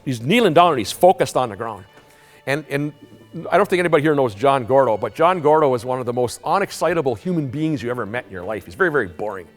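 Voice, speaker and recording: A man giving a conference talk, telling a story in an animated way, halting often with restarts and repeated words. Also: mid-range voice. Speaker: conference presenter. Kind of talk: storytelling lecture. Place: conference hall. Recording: long hall reverb, faint music.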